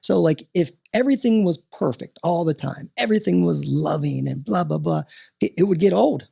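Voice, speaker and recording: A man talking as a podcast guest and coach, animated and motivational, often tossing in "right?" as he talks. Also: on the high side, normal speed, gravelly, husky.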